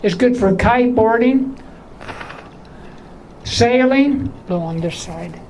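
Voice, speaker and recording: A man doing stand-up comedy in a small theater with a weak, high voice from voice surgery. He teases the audience with innuendo. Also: lively intonation, slow pace, darkish tone, a little hiss or hum, poor audio. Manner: teasing banter with the audience, full of innuendo. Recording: live show with audience laughter.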